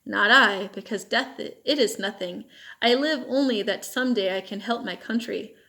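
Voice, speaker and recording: A woman's voice: medium pitch, normal speed, bright, forceful tone. A woman reading the lines of a desperate young male captive soldier in a storybook, pleading and insistent.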